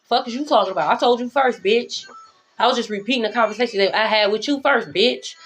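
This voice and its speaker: A high-pitched woman gives a casual tarot reading. She talks brashly and swears freely, drifting into playful sing-song lines. A faint hiss of noise sits under the recording. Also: quick pace. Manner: brash, profane, sings along and shifts pitch playfully. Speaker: tarot reader.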